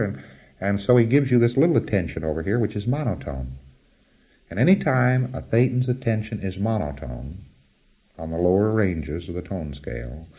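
A man's voice: sits low, slightly rough, highs cut off. A man giving an informal, rambling spoken lecture in a conversational way. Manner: rambling, conversational, chuckles at his own asides.

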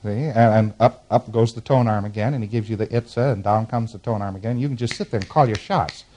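A man's voice: on the low side, fast talker, mellow, slight background noise. A man giving a classroom lecture. He walks through diagrams on a board, chuckles now and then, and acts out short examples as he explains. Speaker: instructor.

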